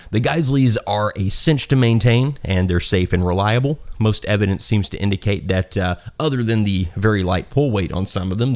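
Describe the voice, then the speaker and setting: A man's voice: lowish voice, darkish tone. Profane rambling man with a Southern accent. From South Carolina, US. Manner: rambling, profane, self-mocking, laughs at own jokes. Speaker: gun reviewer. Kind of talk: casual review talk.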